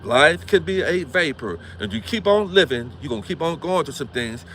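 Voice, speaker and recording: A man's voice: on the high side, lively intonation, moderate pace, bright, forceful tone, slight background noise. A man from Gary, Indiana, hosting a livestream, preaching with repeated rhetorical questions and swearing. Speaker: livestream host. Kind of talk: impassioned livestream monologue.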